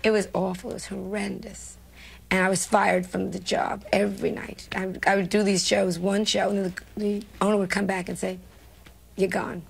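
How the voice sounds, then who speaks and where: Gravelly New woman telling stories. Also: mid-range voice, normal speed. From New York. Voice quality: gravelly, husky. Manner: animated storyteller acting out quoted lines. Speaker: comedian interview guest. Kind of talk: television interview recollection.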